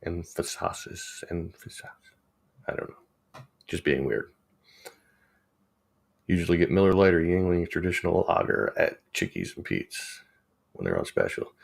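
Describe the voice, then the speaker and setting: A man's voice: sits low, sing-song, normal speed, vocal fry, pauses often. A man, chatting casually with viewers on a livestream, rambling and chuckling as he reads the chat. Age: 40s. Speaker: livestream host.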